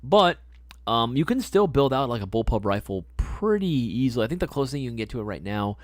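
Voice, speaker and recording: A man's voice: medium pitch, very animated, a little fast, no echo. A young man hosting a live stream, answering chat questions in a laid-back, slangy way, swearing now and then and repeating his phrases. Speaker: livestream host answering chat.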